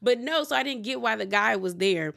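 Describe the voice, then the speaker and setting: A woman's voice: fairly high pitch, vocal fry. Lady host rambling through a show recap, chatty and candid, says like a lot. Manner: chatty, rambling, heavy use of "like"; candid and animated with quick asides. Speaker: podcast host reviewing a reality show. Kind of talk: casual recap chat.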